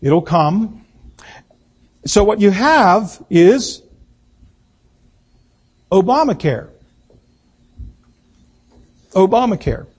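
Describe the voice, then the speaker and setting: A man giving a political speech, slow and emphatic, repeating key words for effect. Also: sits high, sing-song, a little mellow, breathy edge. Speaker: political speaker.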